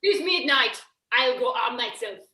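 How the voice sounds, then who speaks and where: A woman's voice: high-pitched, animated, measured pace, sharp tone, exaggerated voice. A woman playing an impatient, boastful young French prince in a Shakespeare performance. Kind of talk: Shakespeare stage acting. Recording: roomy echo, far from mic.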